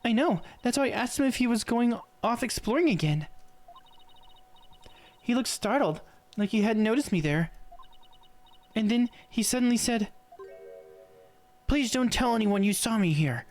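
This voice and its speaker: A woman voicing a polite, soft-spoken young woman who is an artist. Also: fairly high pitch, lively intonation, moderate pace, long pauses, faint music behind, lightly acted.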